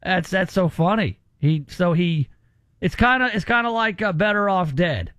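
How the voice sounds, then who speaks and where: A man's voice: high voice, lively intonation, moderate pace, fairly bright tone, no echo, clean studio sound. A man hosting a talk radio show, chatting casually and rambling with restarts.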